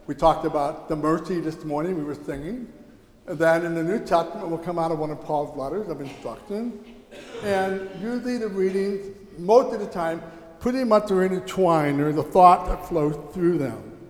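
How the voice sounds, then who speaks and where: A middle-aged man speaking to a congregation, telling a personal story with animated exclamations. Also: sits high. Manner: animated, exclaiming, retelling with rising excitement. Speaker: church speaker teaching about the mass. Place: church. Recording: echoey church hall.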